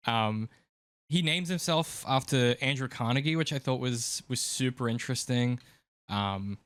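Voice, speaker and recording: A man talks through a film on his podcast in a loose, rambling way, circling back with lots of filler words as he thinks aloud. His voice sits at an ordinary middle pitch, and the sound is dry and close, with no room echo. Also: animated, normal speed, fairly bright tone. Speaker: podcast host. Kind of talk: casual film discussion.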